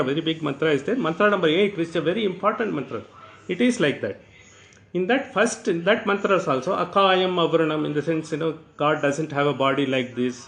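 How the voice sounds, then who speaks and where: Older man, teacher of scripture, slightly high voice, unhurried discourse. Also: creaky, fairly bright tone, poor audio. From South India. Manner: unhurried, often says "you know"; chants verses slowly. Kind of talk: spiritual discourse.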